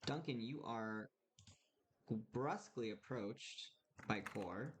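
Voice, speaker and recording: Relaxed man running a tabletop game. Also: medium pitch, slow, slight background noise. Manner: relaxed, many ums and uhs. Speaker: game master.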